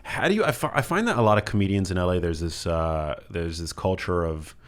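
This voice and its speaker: A man's voice: deep voice, expressive, a little fast. A man hosting a podcast, interviewing a guest with short, encouraging interjections. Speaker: podcast host. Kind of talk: casual interview chat.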